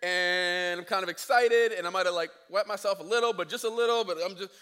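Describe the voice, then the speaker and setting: A man's voice: high-pitched, fairly quick, sharp tone, clear, resonant tone, soft background music, pitched above the performer's own voice. A man voicing Moses as a frightened, stammering man pleading with God. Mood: panicked pleading. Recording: echoey hall.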